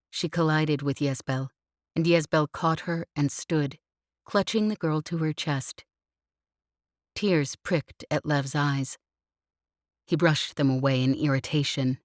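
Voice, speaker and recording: A woman reading an audiobook in a measured, gentle narration. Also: deep voice, dry recording, clean studio sound. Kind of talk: scripted narration.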